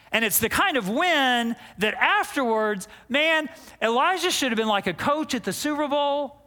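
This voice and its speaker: A male pastor preaches in a sermon, his high voice swinging widely in pitch as he tells the story and acts out voices. Words tumble out with quick restarts. A long reverb trails after him, as in a church sanctuary. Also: bright, forceful tone, clean tone. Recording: long reverb of a large hall.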